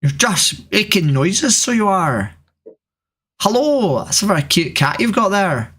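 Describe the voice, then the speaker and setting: Husky, lively trans woman streamer. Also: medium pitch, measured pace. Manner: teasing, joking, animated. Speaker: livestream host chatting with strangers. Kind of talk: casual chat. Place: home room, seated at camera.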